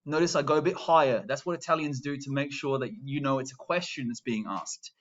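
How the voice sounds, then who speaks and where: A man teaching Italian pronunciation to a school class, modeling phrases slowly and deliberately, with dry classroom humor. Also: mid-range voice, a bit bright, highs cut off. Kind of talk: recorded pronunciation lesson.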